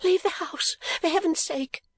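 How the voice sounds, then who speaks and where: A man's voice: very high-pitched, moderate pace, a bit bright, no echo, voice pushed up. A man reading an audiobook, voicing a frantic young lady who cries out her pleas. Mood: desperate pleading. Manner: pleading, cried out.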